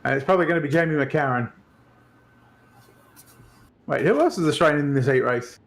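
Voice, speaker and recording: Slightly high-voiced man calling race results. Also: a little fast, gravelly, a little hiss or hum. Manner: builds excitement, calls finishing order. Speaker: co-commentator and driver. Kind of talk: sim racing play-by-play commentary.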